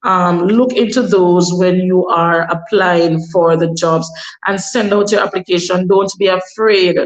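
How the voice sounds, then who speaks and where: A woman's voice: fairly low pitch, fairly even intonation, a little slow, lo-fi sound. Jamaican woman vlogger, young, chatty advice-giver who drifts into patois; roomy, echoing sound. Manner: chatty, advising, slips into patois. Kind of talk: casual advice vlog. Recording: echoey room.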